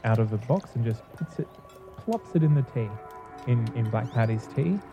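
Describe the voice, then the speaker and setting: A man narrating a tabletop game as game master, relaxed and descriptive. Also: mid-range voice, normal speed, highs cut off, over music.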